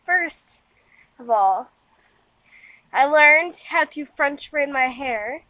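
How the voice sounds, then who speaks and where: A woman's voice: sits high, lively intonation, extremely slow, bright, forceful tone, no echo, poor audio. A tired young woman giving a rambling, casual vlog update outdoors in the wind, full of fillers and restarts. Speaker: vlogger.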